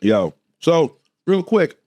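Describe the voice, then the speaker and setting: A man co-hosting a podcast, telling a story in a lively, laughing way and acting out the voices in it. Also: on the high side, takes it slowly, dry recording, dull audio. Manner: animated, laughing, acts out voices in his story. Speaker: podcast co-host. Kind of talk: casual storytelling chat.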